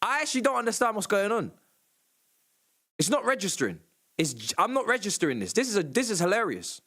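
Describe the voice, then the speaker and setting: Male football reaction streamer, high voice, sarcastic, loud and swearing. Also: big pitch swings, brisk. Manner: sarcastic, exasperated, swears, shouts at refereeing calls. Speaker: livestream host reacting to a football match. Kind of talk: live match reaction stream.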